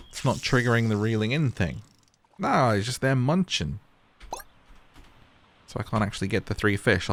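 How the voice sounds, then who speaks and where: A gaming YouTuber offers playful, joking commentary as he plays a game and talks to its characters in a casual way. His voice is on the low side, with a little hiss or hum in the recording.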